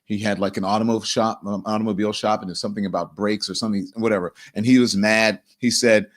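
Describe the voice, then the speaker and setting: A man's voice: on the low side, fairly even intonation, quick pace, few pauses. A man hosting a live political commentary show, talking straight to his viewers and repeating phrases for emphasis. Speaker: show host.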